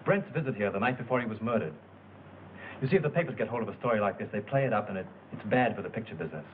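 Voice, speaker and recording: An actor playing a studio man who asks a string of quick, probing questions about a man's visit. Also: lowish voice, animated, lightly acted. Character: brisk studio man making inquiries. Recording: tinny old film soundtrack with hiss.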